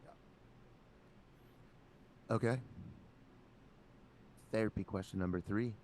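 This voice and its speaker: Man, podcast co-host, very deep voice, rambling, lots of fillers, casual chat. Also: fairly even intonation, slow pace, darkish tone, slight background noise. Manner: rambling, heavy use of "like".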